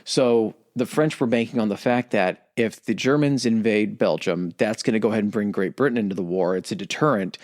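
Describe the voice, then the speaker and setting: Low-voiced man in casual history chat. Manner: animated, acts out historical figures in quick put-on voices. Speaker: podcast co-host.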